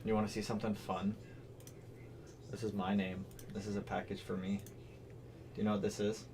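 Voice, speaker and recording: A man hosting a car livestream, chatting casually and excitedly calling out viewers' names. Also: on the low side, normal speed, background noise. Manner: excitable, shouts out chat names. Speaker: car channel host.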